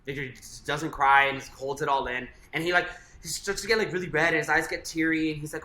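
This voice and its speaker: A man's voice: on the high side, fairly even intonation, quick pace, pushed and bright. A young adult man telling a personal story in casual chat, filling his speech with "like". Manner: chatty, many fillers like "like". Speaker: guest. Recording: echoey room, faint ambient noise.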